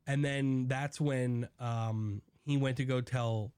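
Animated man recapping, dry close sound. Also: mid-range voice, clean tone, no room sound. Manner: animated, acts out characters' lines in quick impressions. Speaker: podcast co-host recapping a TV episode. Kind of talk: casual chat.

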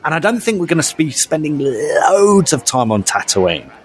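A man's voice: normal speed, slight background noise. A man co-hosting a casual fan podcast, ranting in exasperation with big jumps in his voice. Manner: animated, exasperated ranting with big pitch swings. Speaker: podcast co-host.

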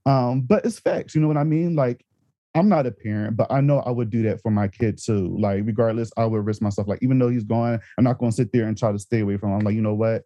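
A man's voice: on the low side, steady tone, fast, no room sound, dull audio. A man co-hosting a horror podcast, talking in an easygoing way with restarts and chuckles. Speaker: podcast co-host. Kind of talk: casual film discussion.

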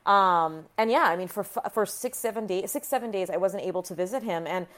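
A woman's voice: medium pitch, brisk, a bit bright. Frank, emotional woman telling her story. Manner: frank and emotional, with frequent restarts and some profanity. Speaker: physician guest sharing her story. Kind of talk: candid personal storytelling.

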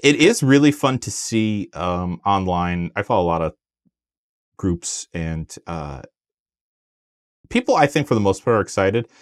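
Low-voiced man with a lively delivery. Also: measured pace, long pauses, no echo, studio quality. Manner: animated, full of fillers and restarts. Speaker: podcast co-host. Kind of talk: casual chat.

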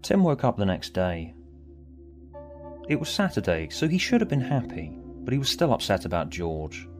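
A man reading his own story aloud, expressive, moving between bright and hushed. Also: fairly low pitch, moderate pace, music in the background. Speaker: author and narrator. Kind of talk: storybook narration.

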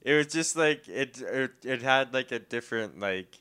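A man chatting casually with a friend, quiet and halting, often trailing off while searching for words. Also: mid-range voice, expressive, clean tone. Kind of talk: casual chat.

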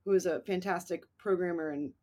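A woman's voice: fairly low pitch, steady tone, a little fast, darkish tone. A woman co-hosting a podcast, talking about films in a casual, wry, self-deprecating way with plenty of swearing. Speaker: podcast co-host. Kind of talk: casual film chat.

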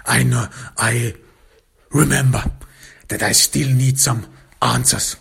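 A man narrating a dark first-person story, intense and angry, often dropping into whispers. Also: medium pitch, fairly even intonation, takes it slowly, gravelly, slightly rough.

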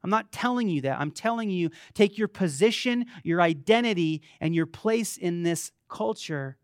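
Male pastor, high voice, dry close mic; emphatic sermon delivery, addresses the congregation directly. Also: expressive, normal speed, no room sound. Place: church sanctuary.

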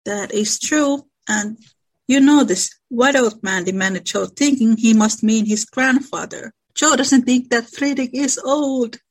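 A woman's voice: a little high, measured pace. A woman who reads a classic novel's passages aloud and then discusses them in a casual book chat. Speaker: book club co-host reading aloud.

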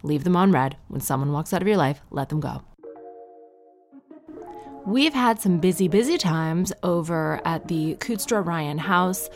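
A woman with a low voice and a gravelly edge talks to her listeners in a casual comic monologue. She sounds tired, and she jokes about herself with quick asides. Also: expressive, faint music behind. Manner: chatty, joking and self-deprecating with quick asides.

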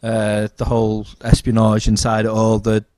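A man's voice: fairly low pitch, completely flat delivery, normal speed, a little mellow, dry recording. A man co-hosting a casual podcast, enthusiastic, swearing freely and repeating words. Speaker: podcast co-host. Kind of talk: casual chat.

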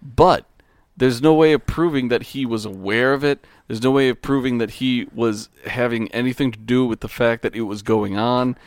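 A young man in loose podcast banter, talking at a middle pitch with a dry, close sound. He rambles, swears freely and restarts his sentences, sharing one microphone with friends in a house. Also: normal speed, no room sound. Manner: rambling, profane, with frequent restarts. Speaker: podcast co-host. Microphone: shared microphone.

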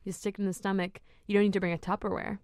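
A woman in relaxed snack-tasting chat, her voice sitting in a middle range. She spins playful, chatty stories. The sound is dry and close, with no room echo. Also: mid-range voice, very fast.

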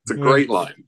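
A man's voice: medium pitch, bright, forceful tone. A man on a podcast, retelling movie scenes animatedly and quoting characters in put-on voices. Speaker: podcast guest. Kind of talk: casual film recap chat.

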